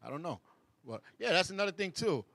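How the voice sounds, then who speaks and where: Male host, casual banter, animated with mock voices, dry room. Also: sits high, quick pace, gravelly, no room sound. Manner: animated, mocks backhanded compliments in sing-song voices, laughs often. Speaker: show host. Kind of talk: casual chat.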